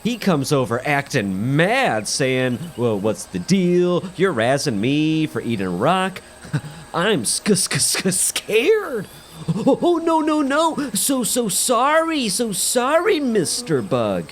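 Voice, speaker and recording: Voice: mid-range voice, very animated, slow, slight background noise. A comedian playing a goofy, tough-talking garden bug who tells a rambling story, with faint music behind. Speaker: comedy podcast improviser. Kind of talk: improvised comic monologue.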